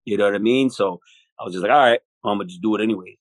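A man, a hip hop artist guest in a casual interview, talking in an animated, profane way and acting out quoted voices. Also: lowish voice, racing, no room sound, rough recording. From United States, Buffalo, New York. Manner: animated and profane, acts out quoted voices, often says "you know what I mean".

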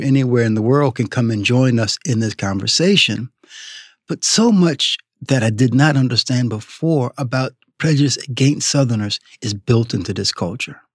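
A man from the Southern United States, a writer and food critic, talking as a podcast guest in an animated, storytelling way. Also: mid-range voice, no echo, clean studio sound. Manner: animated storyteller, acts out quotes. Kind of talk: interview conversation.

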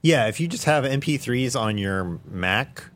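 A man on a tech podcast panel, explaining things step by step in a relaxed way and laughing easily. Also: mid-range voice, unhurried, a little hiss or hum. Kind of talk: casual tech chat.

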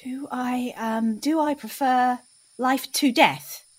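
A woman's voice: high voice, slow pace. A woman playing her character in a tabletop game, hesitant and bemused with many ums. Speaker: player.

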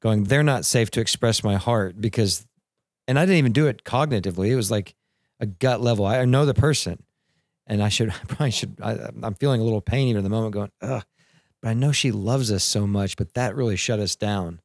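A man in his thirties, podcast co-host and father, telling parenting stories in an animated way and acting out quotes. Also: lowish voice, fast, dry recording, studio quality. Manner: animated storyteller, acts out quotes, laughs. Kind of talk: casual podcast conversation on parenting and mentoring.

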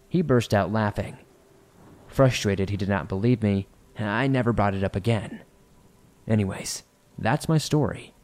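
A man reading listener-submitted horror stories aloud in a measured, somber narration. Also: on the low side, darkish tone.

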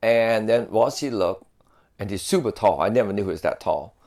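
Man, gravelly, casual storyteller, restarts a lot. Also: lowish voice, normal speed, a little mellow. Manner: rambling storyteller, many fillers and restarts. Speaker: guest telling a story. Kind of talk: casual chat.

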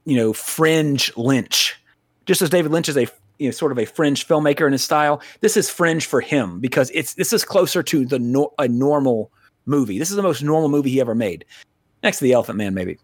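A man's voice: mid-range voice, dry recording, studio quality. A man co-hosting a casual film review podcast. He rambles, often breaks off mid-sentence and swears freely. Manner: rambling, profane, self-interrupting. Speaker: podcast co-host reviewing films.

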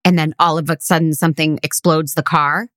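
Woman, podcast co-host, dry sarcastic humor, lowish voice, close dry mic. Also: steady tone, a little fast, fairly bright tone, no echo. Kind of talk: casual chat. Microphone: podcast microphone.

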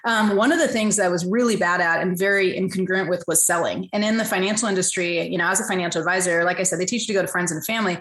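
A woman, a financial advisor, telling her story as a podcast guest, lively and acting out the voices of the people she quotes. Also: rapid-fire, hardly any pauses, roomy sound, rough recording. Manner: animated, acts out quotes in high voices. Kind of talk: casual storytelling interview.

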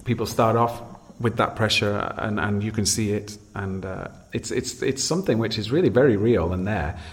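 A man's voice: lowish voice, moderate pace. A man hosting a casual chat who muses at length, often stopping and repeating his words. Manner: hesitant, repeats words, musing. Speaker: host.

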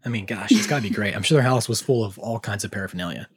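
A woman co-hosting a podcast, casually chatting and recapping a TV episode with jokey asides and quick laughs. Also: extremely low pitch, lively intonation, slightly rough. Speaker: podcast co-host.

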